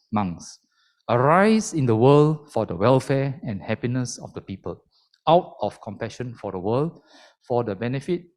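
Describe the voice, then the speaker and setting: Animated lay Dhamma speaker. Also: male voice, medium pitch. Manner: animated and emphatic, explaining step by step. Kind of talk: Buddhist sermon.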